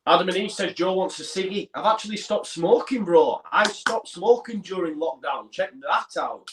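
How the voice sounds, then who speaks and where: Bloke calling the match live with a mate, fairly high voice, echoey room. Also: male voice, animated, normal speed, a bit bright. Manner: chatty, describes the play as it happens. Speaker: co-host of a fan watchalong stream. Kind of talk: casual live match chat with commentary. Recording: roomy echo.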